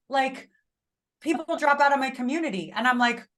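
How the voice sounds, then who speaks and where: A woman's voice: sits high, a little fast, a bit bright. A woman in her thirties hosting a casual chat, blunt and emphatic, swearing freely. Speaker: podcast host.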